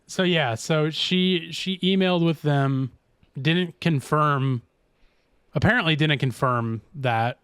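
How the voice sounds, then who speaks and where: A man's voice: fairly high pitch, takes it slowly, fairly bright tone, clear, resonant tone, no echo. A man hosting a podcast in casual chat, rambling and reading news aloud with restarts. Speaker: podcast host.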